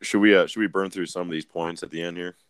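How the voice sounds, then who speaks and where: A man's voice: low voice, steady tone, quick pace, a bit bright, clean tone, no echo, clean studio sound. A man co-hosting a podcast, telling crude stories in casual chat and laughing often. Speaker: podcast co-host.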